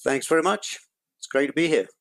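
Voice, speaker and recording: A man's voice: fairly high pitch, expressive, brisk, vocal fry, fairly bright tone, dry recording, rough recording. An older man with an English accent, a guest author being interviewed on a podcast, telling stories with dry, self-deprecating humor. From England.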